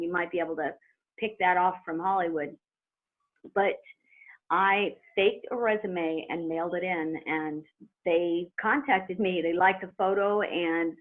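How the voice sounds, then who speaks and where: A middle-aged woman, a former wrestler, telling her story as a guest in an animated, chatty way with laughs. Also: on the low side. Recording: tinny phone line.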